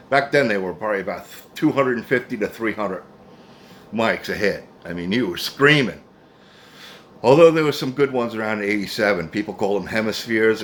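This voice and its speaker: Man in his fifties, low voice, casual rambling storytelling, cursing, faint background hiss. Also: fairly bright tone. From New Jersey, USA. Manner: rambling, profane, frequent "anyway" asides.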